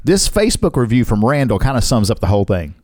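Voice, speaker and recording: A man's voice: quick pace, no room sound, studio quality. Teasing podcast co-host man. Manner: jokey, teasing, lively pitch swings. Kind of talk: casual comedic banter.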